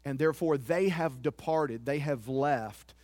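Male pastor, high voice, earnest confessional sermon delivery, dry close recording. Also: unhurried, darkish tone, no room sound. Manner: earnest, confessional preaching with repeated words.

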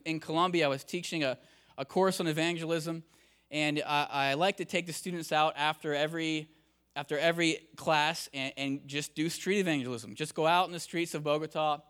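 Earnest preacher man, fairly high voice. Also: fairly bright tone, clean tone. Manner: earnest, rising to emphatic declarations. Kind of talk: sermon.

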